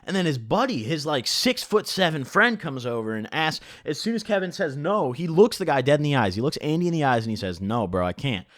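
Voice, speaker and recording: A man's voice: on the high side, big pitch swings, fairly quick, hardly any pauses, a bit bright, dry recording, studio quality. A young man telling a profane, joking story in a casual vlog. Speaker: vlogger.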